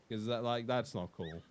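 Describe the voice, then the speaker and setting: A man's voice: medium pitch, gravelly, darkish tone, a little hiss or hum. A man streaming live, chatting casually and jokily with his viewers and laughing often. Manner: laid-back, jokey, talks to chat, laughs often. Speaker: Twitch streamer.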